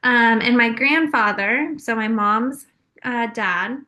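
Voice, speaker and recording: A woman's voice: a little high, slow, pushed and bright. A young woman from California telling her personal story openly on a podcast, with frequent fillers. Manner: open and confessional, frequent fillers. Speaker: podcast guest.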